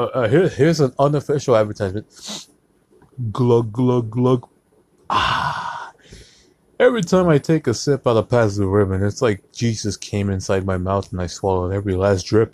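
A man's voice: fairly low pitch, lively intonation, a little fast, a little mellow, no echo. Profane rambling man hosting his podcast. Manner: profane, rambling, joking, drinking beer on mic. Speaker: podcast host. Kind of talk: casual rambling monologue.

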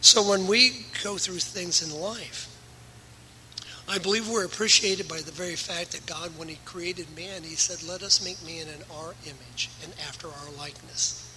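A man's voice: high-pitched, fairly even intonation, moderate pace, background noise. A male pastor delivering an earnest, emphatic sermon in a church, his volume rising and falling. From USA.

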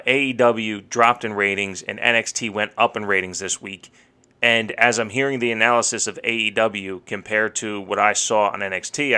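A man's voice: mid-range voice, bright, forceful tone. A young man co-hosting a podcast, ranting heatedly in casual talk and swearing freely. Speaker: podcast co-host.

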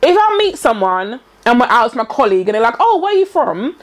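A woman's voice: on the high side, very animated, fast. A young woman chatting casually as a co-host, emphatic and repeating phrases to drive her point home. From England. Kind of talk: casual chat.

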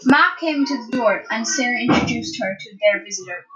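A woman's voice: fairly high pitch, brisk, highs cut off. Woman narrating an audiobook. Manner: steady storytelling with small restarts.

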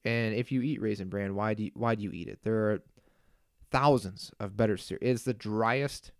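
A man's voice: on the low side, normal speed, clear, resonant tone, dry recording, clean studio sound. A young man hosting his own podcast, ranting casually and with exasperated humor, full of asides and jokes. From Kansas. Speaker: podcast host. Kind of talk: casual solo podcast rant.

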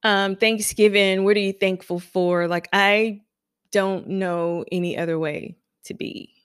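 A woman speaks as a motivational speaker, mixing casual storytelling with firm, repeated affirmations. Her voice sits at an ordinary middle pitch for a woman. The recording is dry and close, with almost no room sound. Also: a little slow, smooth, no room sound. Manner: animated, conversational storytelling with affirmations. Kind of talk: personal anecdote and motivational talk.

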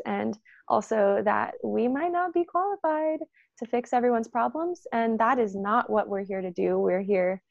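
A woman talking about energy and consent in a casual spiritual chat. She is animated and acts out the voices of the people she quotes, with a lot of "like" and "um". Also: mid-range voice, gravelly, no echo, muffled recording.

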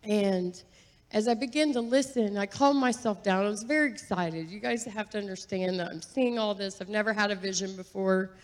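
A woman sharing a personal testimony in a church, talking earnestly and chattily with fillers and soft laughs. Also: mid-range voice, normal speed. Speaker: guest giving testimony. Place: church sanctuary. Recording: long reverb of a large hall.

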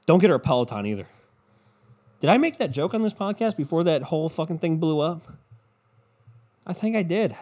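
A male podcast host rants on his own in a loose, comedic way, swearing often. His pitch sits in an ordinary middle range, and his delivery is casual and offhand. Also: darkish tone. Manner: profane, loose and ranting.

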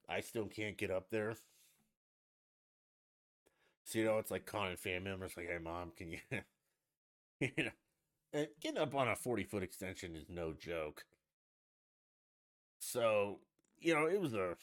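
A man's voice: sits low, fairly bright tone. A man hosting a casual solo podcast from the United States, ranting bluntly and swearing freely. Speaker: podcast host.

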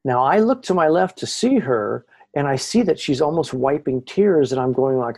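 Animated male podcast guest, dark husky tone. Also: on the high side, normal speed, hardly any pauses. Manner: excited, lively retelling. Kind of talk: animated storytelling.

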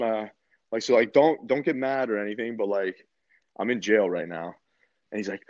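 A man in his twenties from Canada tells a story in a relaxed, rambling way, swearing constantly and saying "like" all the time. His voice sits on the low side. The recording is dry and a little dull. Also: moderate pace, no echo. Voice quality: laid-back, heavy swearing, lots of "like". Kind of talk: casual storytelling.

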